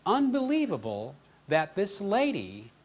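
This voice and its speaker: A middle-aged man giving a motivational keynote, telling a story in an animated, conversational way. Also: high voice, measured pace. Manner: animated, conversational, lots of restarts. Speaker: motivational speaker.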